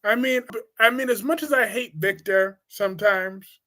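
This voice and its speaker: High-voiced man dishing blunt gossip. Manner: teasing, quick swings in loudness. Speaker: host of a live soap opera talk stream. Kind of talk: casual live-stream chat, answering chat comments.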